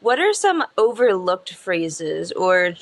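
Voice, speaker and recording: A woman's voice: on the low side, sing-song, takes it slowly. A woman co-hosting a podcast, asking long, friendly questions. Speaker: podcast co-host. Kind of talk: podcast interview.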